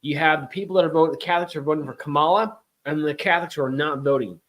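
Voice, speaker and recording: A man's voice: a little high, rapid-fire, a bit bright. Chatty, emphatic male talk-show host. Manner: chatty, emphatic, rambling asides. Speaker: podcast host. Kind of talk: casual political talk show.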